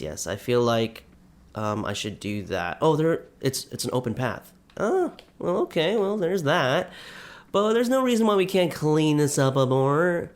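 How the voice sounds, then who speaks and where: Chatty self-mocking man gaming. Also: mid-range voice. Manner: chatty, self-deprecating, talks to viewers. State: out of breath. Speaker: let's play gamer. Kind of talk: casual gameplay commentary.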